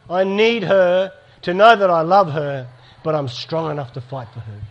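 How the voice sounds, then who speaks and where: A man's voice: a little high, normal speed, dull audio. A middle-aged man giving an earnest talk to an audience, telling stories. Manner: storytelling, earnest, with acted dialogue. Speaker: speaker. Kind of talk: sermon to a live audience.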